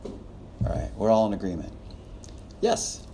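A man lecturing a class, his pitch rising and falling in a lively way. His voice is mellow and warm. He chuckles often and acts out little quotes, with a faint room hum behind him. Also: unhurried, vocal fry. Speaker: preaching instructor.

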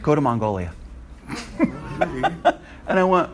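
Animated male preacher telling a story. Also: slow pace, long pauses. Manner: animated, acts out his own lines with sudden high leaps in pitch and laughter. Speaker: Bible college lecturer and missionary. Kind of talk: storytelling testimony to a class. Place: classroom.

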